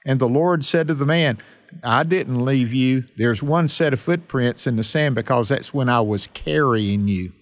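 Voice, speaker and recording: A man's voice: medium pitch, normal speed. A man co-hosting a Bible study discussion, telling illustrations in an earnest, storytelling way. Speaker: Bible teacher co-host.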